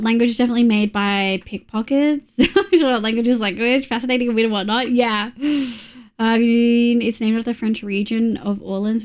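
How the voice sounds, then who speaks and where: Chatty, foul-mouthed young woman streamer. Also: fairly high pitch. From Australia. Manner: chatty, swears often, reacts loudly to jump scares. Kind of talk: casual gaming livestream chat.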